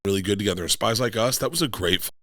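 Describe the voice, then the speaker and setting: A man's voice: fairly low pitch, very fast, fairly bright tone, dry recording, clean studio sound. A middle-aged man from Florida, a comedian guest telling rambling stories in casual podcast chat and acting out quotes in bursts.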